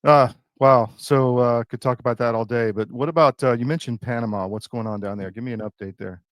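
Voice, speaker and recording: A man hosting an interview, asking questions in a relaxed, chatty way. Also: medium pitch, brisk, no room sound. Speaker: host. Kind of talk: casual interview talk.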